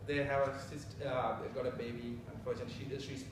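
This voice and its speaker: A young man from India giving a halting, chatty speech at a citizenship ceremony, laughing often. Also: mid-range voice, level tone, background noise. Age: young adult. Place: council meeting room. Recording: echoey council chamber from far off.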